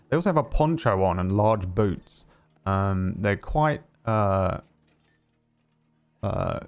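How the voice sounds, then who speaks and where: A man narrating as game master for a tabletop game, halting with many pauses. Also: on the low side, smooth. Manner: halting, full of ums and uhs.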